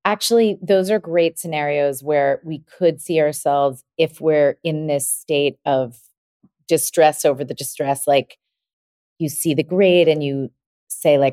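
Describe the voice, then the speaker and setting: A woman's voice: low voice, a little slow, warm tone, dry recording, studio quality. A woman podcast host talking with a guest, reflective and thinking aloud. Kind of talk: conversational interview.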